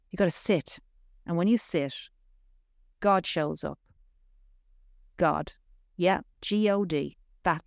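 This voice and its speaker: A woman with a low, gravelly voice appears as a podcast guest, teaching on spirituality in a conversational way. Her phrasing is emphatic, repetitive, and punchy. The recording is dry, with clean studio sound.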